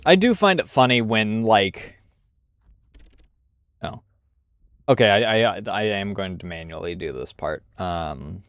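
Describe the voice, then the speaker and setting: A man streaming a video game, chatting casually in rambling asides that turn animated. His voice is on the low side and sounds close and dry. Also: clear, resonant tone, dry recording. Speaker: gaming streamer. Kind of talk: casual gameplay commentary.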